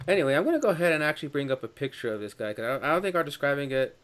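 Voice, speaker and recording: A man in casual film discussion, chatty and quick to laugh as he retells scenes. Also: fairly high pitch, sing-song, a bit bright, smooth.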